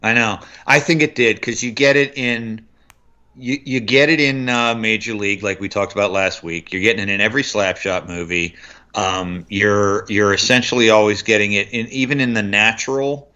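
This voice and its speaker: A man co-hosting a film review podcast, talking casually and halting now and then to restart a thought. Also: fairly low pitch, steady tone, bright, forceful tone, smooth, lo-fi sound. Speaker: podcast co-host.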